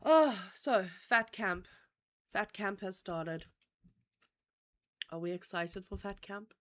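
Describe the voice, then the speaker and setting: A woman's voice: mid-range voice, slow pace. A woman hosting a casual livestream, nasal and congested from a cold, giggly and blunt with swearing. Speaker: livestream host.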